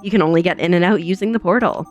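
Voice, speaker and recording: A woman voicing an anxious young woman investigator as she reads game dialogue aloud, talking in worried, quick self-questions. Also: lowish voice, faint music behind, lightly acted. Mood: explaining.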